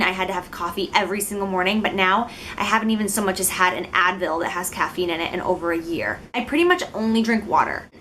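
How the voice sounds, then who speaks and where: Slight background noise accompanies a sharp, mid-range voice belonging to a beauty vlogger in her twenties from Illinois, United States. Her talk to the camera is casual, chatty, giggly, and self-deprecating.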